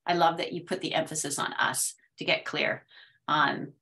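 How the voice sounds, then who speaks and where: A woman student talks earnestly in a casual group chat, pausing and restarting often. Her voice is lower-pitched with a bright, forward tone. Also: fairly even intonation. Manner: earnest, halting, many fillers. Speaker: mentoring student.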